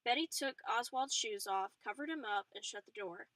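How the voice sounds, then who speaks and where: A woman narrating a novel aloud in an expressive way, with small slips and restarts. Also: fairly high pitch, normal speed, a little hiss or hum, poor audio. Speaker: audiobook reader. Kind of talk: storybook narration.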